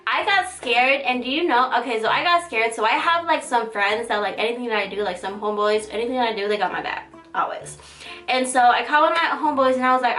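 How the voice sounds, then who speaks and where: Young woman vlogger, bright and high, animated slangy storyteller, echoey room with faint music. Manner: animated, slangy, dramatic retelling with quick pitch jumps. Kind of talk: casual storytime.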